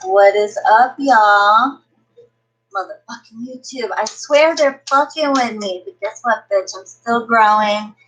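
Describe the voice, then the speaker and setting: A woman's voice: on the high side, slow, a bit bright, rough recording. A woman tarot reader chatting casually on a livestream, brash and profane, greeting viewers by name.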